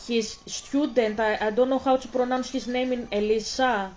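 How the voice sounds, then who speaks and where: A woman's voice: a little high, a little slow, few pauses, darkish tone, soft background music, low-quality recording. A woman hosting a reaction video, rambling and exasperated as she stumbles over her words. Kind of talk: casual reaction commentary.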